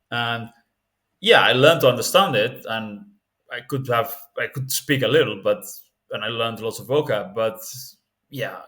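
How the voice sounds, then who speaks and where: A man's voice: medium pitch, a bit bright. A man giving a casual spoken tutorial on learning languages, candid and rambling, often restarting his sentences.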